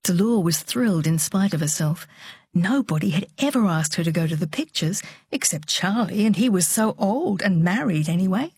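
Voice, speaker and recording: A woman narrating an audiobook in a steady, measured storytelling voice. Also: fairly low pitch, slightly rough, no room sound.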